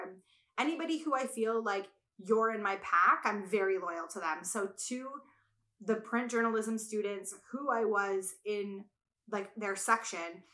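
Bright-voiced woman, animated storyteller. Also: medium pitch. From Italian heritage. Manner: animated storyteller, swears a lot, acts out quotes loudly. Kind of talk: casual chat.

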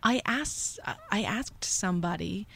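A woman's voice: mid-range voice, lively intonation, slightly rough. A young adult woman hosting a podcast, telling a confessional story in a candid, rueful way. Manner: candid, rueful, acts out voices in quick whispers and shouts. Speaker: podcast host.

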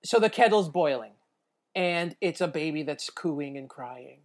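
A woman improvising a comic product pitch, telling it as a playful story with deadpan asides. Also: unhurried.

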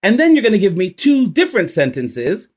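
Male rhyme coach, slightly high voice, upbeat, laughs a lot, loose and filler-heavy. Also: wildly swooping pitch, a little fast. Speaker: rhyming coach. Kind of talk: casual coaching session.

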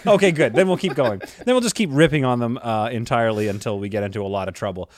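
A man's voice: medium pitch, fast talker, dry recording, clean studio sound. A male podcast co-host giving mock-expert comedic advice in casual chat, often repeating words as he talks.

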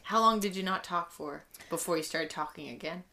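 A woman's voice: lowish voice, brisk, pushed and bright. A woman hosting a casual podcast interview, asking curious questions and reacting with gasps and laughs. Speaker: podcast host.

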